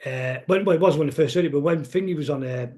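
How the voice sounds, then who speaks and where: A middle-aged man with a Manchester accent chats as a guest on a podcast. He speaks quickly in a slightly high voice, wandering from story to story and often stopping to restart a thought. His talk is loose and conversational. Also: warm tone. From England. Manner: rambling, anecdotal, restarts often. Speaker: guest musician. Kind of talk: casual conversation.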